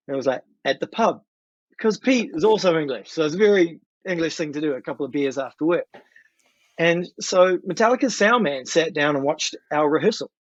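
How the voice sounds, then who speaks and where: A middle-aged man with a New Zealand accent, a guest musician telling a story in a lively, animated way. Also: a little high, fairly quick, dry recording. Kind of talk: casual storytelling. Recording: dry, dull lo-fi sound.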